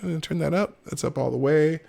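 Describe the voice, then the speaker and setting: Speaking a little fast, this Minnesota man hosts a live show with emphatic, laughing commentary. He's middle-aged, and his somewhat high voice is mellow with a touch of vocal fry.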